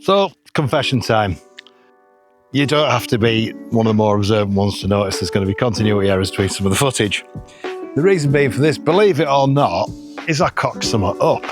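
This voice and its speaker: A middle-aged Englishman vlogs about photography outdoors on a hillside, chatting casually and joking at his own expense. His voice is lowish and fairly quick, with faint music in the background.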